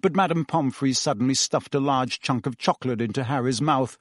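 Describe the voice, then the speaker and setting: A man reading a novel aloud as an audiobook, with steady, expressive storytelling. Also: medium pitch, a little fast, no room sound, clean studio sound. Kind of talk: audiobook narration.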